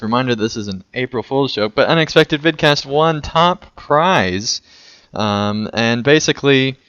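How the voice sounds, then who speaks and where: A man hosting a casual podcast chat over an online call, easygoing and quick to laugh. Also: medium pitch, fairly bright tone, smooth, dry recording. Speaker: podcast host. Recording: muffled dry online call audio.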